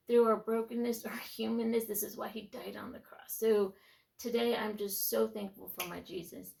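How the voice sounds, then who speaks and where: A woman's voice: mid-range voice, flat delivery, normal speed, creaky, a little mellow. A woman in her twenties giving an earnest, reflective personal testimony in a vlog, sometimes dropping to a near-whisper. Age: 20s. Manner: earnest and reflective, with frequent restarts; heartfelt, drops to near-whispers for inner thoughts. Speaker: faith vlogger.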